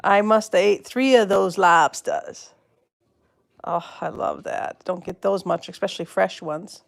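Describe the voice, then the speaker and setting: A woman's voice: medium pitch, fairly even intonation, a little slow, gravelly. A woman from Wisconsin with a Wisconsin accent, chatting casually on a livestream and answering viewers' comments by name. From Wisconsin, USA. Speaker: livestream host. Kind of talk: casual live-stream chat.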